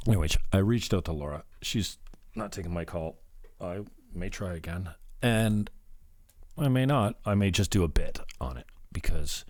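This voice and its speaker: A man hosting his own show, delivering an unscripted rambling rant, cursing often and swinging between low muttering and sharper outbursts. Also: lively intonation, unhurried, pauses often, a little mellow, dry recording, studio quality. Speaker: show host. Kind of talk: unscripted ranting monologue.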